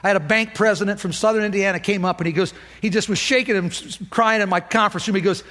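A man's voice: high voice, fairly even intonation, fast, few pauses, fairly bright tone. A middle-aged man preaching a sermon with emphatic, rousing call-and-response delivery. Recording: long hall reverb.

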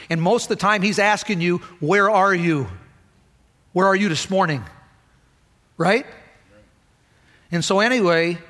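A lay preacher delivers a sermon in a casual, conversational style, adding asides and small jokes. His fairly bright voice rises high and intense when he retells emotional moments. Hall reverb colors the recording.

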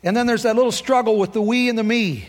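A man's voice: very high-pitched, fast talker. A middle-aged man preaching a sermon with emphatic, rousing call-and-response delivery. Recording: long hall reverb.

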